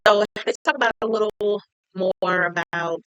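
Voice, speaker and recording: A woman's voice: mid-range voice, moderate pace, fairly bright tone, clean tone, dry recording, poor audio. Chatty woman recapping a show. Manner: chatty, retells scenes with lots of "like". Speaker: TV recap reviewer. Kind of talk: casual recap chat.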